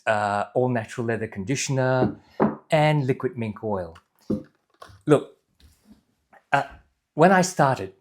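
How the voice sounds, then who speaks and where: A man's voice: lowish voice, darkish tone. A man reviewing boots, giving blunt, opinionated advice in a casual video. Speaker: boot reviewer.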